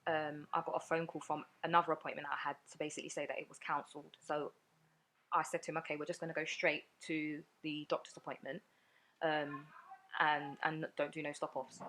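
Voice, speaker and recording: A woman, a podcast guest telling her own story in an earnest, rapid way with many fillers. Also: sits low, little pitch movement, a bit bright. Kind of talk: personal storytelling in a podcast interview.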